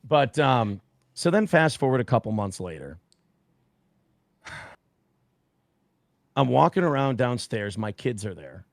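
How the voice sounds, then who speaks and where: A man casually telling a profane, animated story on a podcast, acting out quotes. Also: mid-range voice, a little slow, gravelly, pauses often, no echo. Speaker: guest storyteller.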